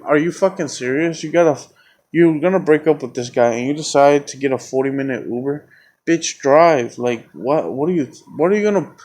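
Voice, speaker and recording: A man telling a long story on his own podcast. He talks in a loose, rambling way, swears constantly and gets heated. His voice sits at an ordinary middle pitch, with a faint hiss of background noise behind him. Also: darkish tone. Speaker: podcast host. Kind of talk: casual storytelling.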